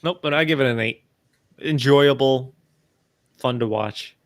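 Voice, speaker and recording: A man's voice: medium pitch, measured pace, smooth, no echo. A man in his thirties co-hosting a casual movie review chat, rambling with many restarts. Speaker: podcast co-host.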